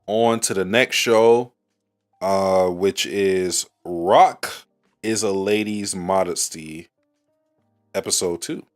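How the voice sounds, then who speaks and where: A man's voice: deep voice, slow pace, soft background music. A man co-hosting an anime podcast, reading out viewer questions and moving on to the next show. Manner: reads viewer questions, leads segments, laughs along. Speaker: podcast co-host. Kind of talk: casual anime review chat.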